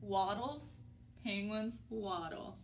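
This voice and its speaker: A woman's voice: medium pitch, slow pace, slight background noise. A young woman hosting a children's story time, talking to little kids in an exaggerated, playful way with a singalong. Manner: bright, animated, exaggerated for children. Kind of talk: preschool lesson with singalong.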